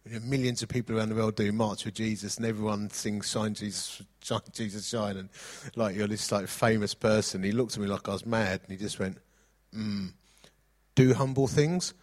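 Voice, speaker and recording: A man's voice: lowish voice, steady tone, moderate pace. A middle-aged man preaching a sermon, mixing jokey anecdotes with scripture reading.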